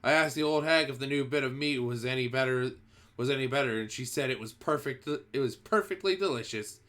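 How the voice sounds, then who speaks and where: A man voicing an adult male waiter who calls out loudly to the cooks. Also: mid-range voice, fairly quick, natural voice. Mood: gossipy. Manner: loud gossiping.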